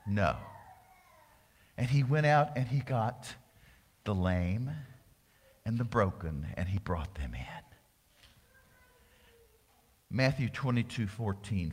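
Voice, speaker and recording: A man preaching a sermon as pastor, animated, acting out the voices of the people in his story. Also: on the low side, slow pace, pauses often, big-room sound. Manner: animated preaching, acts out voices of crowds and priests.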